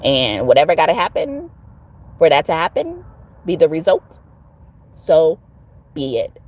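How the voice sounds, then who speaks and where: Low-voiced, blunt woman tarot reader. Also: huge pitch swings, measured pace, darkish tone. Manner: emphatic, blunt, cusses a lot. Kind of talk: casual tarot vlog talk.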